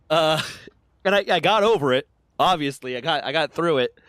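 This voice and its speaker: A man streaming a game, chatting casually and telling an animated story with a lot of swearing. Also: on the high side, normal speed, no echo. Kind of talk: casual gaming chat.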